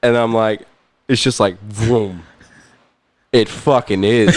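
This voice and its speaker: A man's voice: on the low side, takes it slowly, no room sound. Laughing New Zealand guy telling a story. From New Zealand, Auckland. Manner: animated, laughs often, swears freely. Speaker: guest musician. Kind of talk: casual storytelling.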